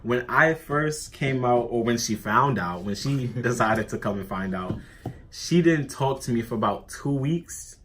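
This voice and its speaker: Expressive young man in casual chat. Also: medium pitch, a little slow, slight background noise. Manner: expressive, repeats words for emphasis. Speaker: co-host.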